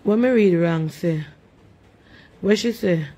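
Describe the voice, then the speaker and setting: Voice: medium pitch, slow, mellow. A live-stream host with a Jamaican accent, casually chatting and sharply scolding commenters with repeated rhetorical questions.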